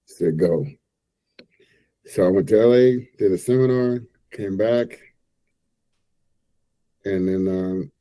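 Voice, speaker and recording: Deep mellow guy, dry close sound, slow reflective storytelling. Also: no echo, low-quality recording. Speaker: guest, retired bodybuilder. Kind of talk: interview storytelling.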